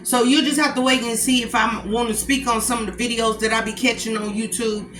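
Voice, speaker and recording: A woman chatting casually with her viewers from home as a cooking vlogger, addressing them directly and warmly as a group. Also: a little high, little pitch movement, fairly quick, roomy sound, background noise. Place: at home while eating a meal.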